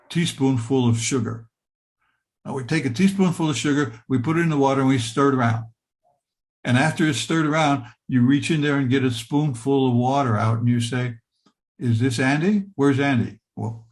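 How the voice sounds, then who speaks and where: A man's voice: mid-range voice, normal speed. An older man earnestly telling a personal story, acting out bits of dialogue. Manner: earnest, repetitive, acts out dialogue. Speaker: speaker sharing a near-death experience.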